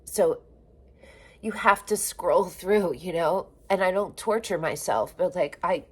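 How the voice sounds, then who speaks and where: A woman's voice: lowish voice, breathy edge. A woman in her forties venting in a personal video diary, raw and emotional, swearing often and breaking off mid-sentence. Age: 40s. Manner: halting, restarts and trailing phrases. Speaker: vlogger.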